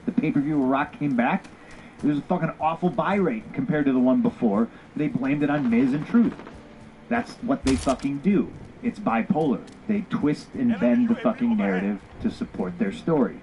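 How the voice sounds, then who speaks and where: A man recounting his wrestling days in a blunt, profanity-laced interview, his voice rising whenever he acts out old arguments. The clip plays under loud game gunfire and battlefield noise that never lets up. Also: mid-range voice, moderate pace, highs cut off. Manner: profane, animated, acts out quoted dialogue. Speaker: interview guest, former pro wrestler. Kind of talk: candid storytelling in an interview. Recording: podcast audio played over loud game gunfire.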